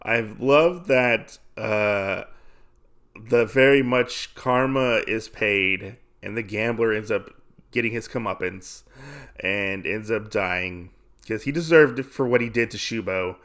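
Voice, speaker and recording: A man's voice: lowish voice, slow, a bit bright. A man hosting a podcast, casually recapping a comic-book issue in a rambling way with many fillers. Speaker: podcast host.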